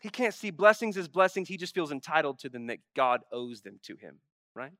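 Emphatic, bright-voiced male preacher. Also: a little high, very animated, fairly quick, dry recording, clean studio sound. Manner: swings from hushed, intimate asides to loud, emphatic exclamations; voices God's questions in a pleading, exasperated tone. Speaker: pastor. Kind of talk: sermon.

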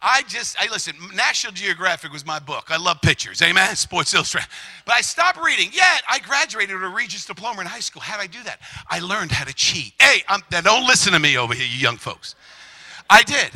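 High, bright, shouting preacher man. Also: a little fast, low-quality recording. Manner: shouting, animated, storytelling with acted quotes. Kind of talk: lively sermon testimony.

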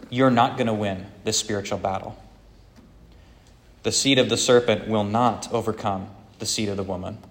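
A man preaching a sermon as pastor, earnest and conversational, with occasional hesitations. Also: medium pitch. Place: church.

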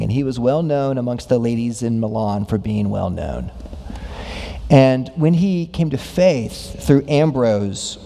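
Gravelly preacher man in a reverberant hall. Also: dark tone. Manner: asks many rhetorical questions; acts out quoted voices with big pitch jumps. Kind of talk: sermon.

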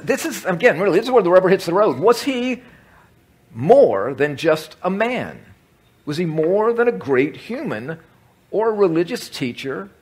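Husky-voiced man teaching a Bible class. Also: on the high side. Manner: conversational, repeats words and asks the room questions. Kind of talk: teaching talk to a group. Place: meeting room with a large group.

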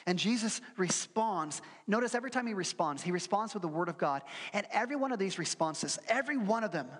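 Speaking a little fast with lively intonation and medium pitch, a pastor delivers an earnest sermon full of rhetorical questions and acted-out quotes. The church sanctuary gives the recording a long, reverberant hall sound.

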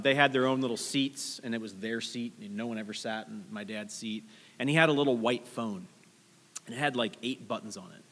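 In a church sanctuary with a long reverb tail, a man in his thirties preaches as pastor. His mid-range voice is a bit bright, and he tells stories conversationally, turning to the congregation with asides.

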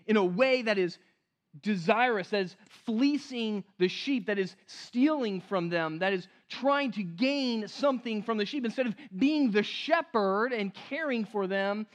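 High-voiced man preaching a sermon. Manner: earnest, rises to emphatic then drops to hushed; slows down to stress key phrases. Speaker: pastor.

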